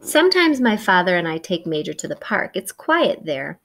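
A woman reading a picture book aloud to young children, gentle and encouraging, chatting about the pictures and imitating the story's sounds. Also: lowish voice, sing-song, moderate pace. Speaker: children's read-aloud presenter.

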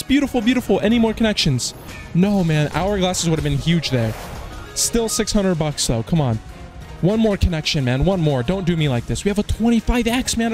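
A man giving live gambling commentary as a slots streamer, casual and slangy, swearing and bursting into yells on big hits. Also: high-pitched, expressive, moderate pace, soft background music. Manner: casual slang, keeps saying "dude" and "man".

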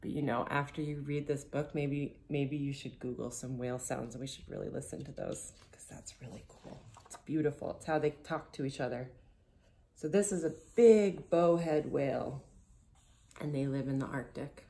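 A woman reading a picture book aloud to children, gently explaining as she goes and asking them questions. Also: rumbling low, steady tone. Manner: gentle, slow storytelling, speaking directly to children.

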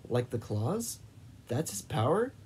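A man's voice: medium pitch, big pitch swings, slow pace, darkish tone, a little hiss or hum. Man reading as a sarcastic young woman. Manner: sarcastic, snappish.

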